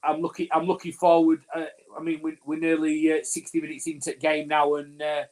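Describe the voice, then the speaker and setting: Flat-toned man co-hosting a fan watch-along. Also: on the high side, a little fast. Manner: rambling, talks over his co-host, frequent fillers and restarts. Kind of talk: live match commentary chat.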